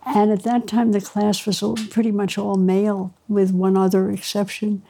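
Gravelly older woman telling a wry story. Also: medium pitch, level tone, normal speed, mellow, a little hiss or hum. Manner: reflective, wry, laughs between phrases, many fillers. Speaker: interview guest, pediatrician. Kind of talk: storytelling in conversation.

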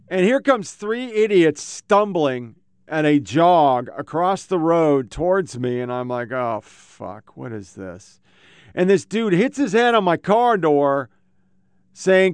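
A man's voice: on the high side, clear, resonant tone, no echo. A man hosting his own podcast, telling rambling, profane stories to his own microphone at a home computer setup. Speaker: podcast host. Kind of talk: casual rambling monologue.

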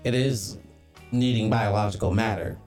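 Deadpan guy in a tabletop role-play, stiff literal wording, lowish voice, a bit of music behind. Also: normal speed. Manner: calm and deadpan, speaking in stiff literal phrasing. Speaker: tabletop player.

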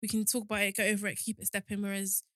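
A woman's voice: mid-range voice, completely flat delivery, rapid-fire, fairly bright tone, no echo, clean studio sound. A young woman co-hosting a podcast, talking candidly and laughing easily. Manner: laughing, self-aware, candid. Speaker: podcast co-host. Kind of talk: casual chat.

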